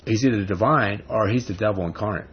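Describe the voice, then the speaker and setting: Speaking fast in a fairly low, breathy voice, this man delivers a sermon in a conversational style that climbs toward emphatic rhetorical questions. Faint background noise sits under a dull, lo-fi recording.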